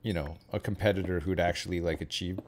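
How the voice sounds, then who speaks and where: A man in his thirties with a fairly low voice chats casually as he hosts a game stream. He rambles and hedges, tossing in tag questions as he goes. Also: steady tone, quick pace, darkish tone, a little hiss or hum. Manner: rambling, hedging, many fillers and tag questions. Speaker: streamer host. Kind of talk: casual chat while gaming.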